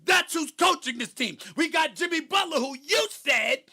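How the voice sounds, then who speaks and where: A man hosting a heated sports debate show, loud and theatrical, swinging between shouting and low asides. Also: animated, normal speed.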